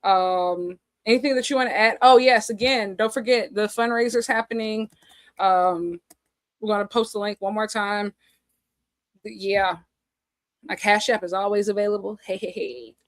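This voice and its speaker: A woman's voice: mid-range voice, steady tone, moderate pace, dry recording. A woman in her forties co-hosting a casual chat, emotional and laughing often. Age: 40s. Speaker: podcast co-host.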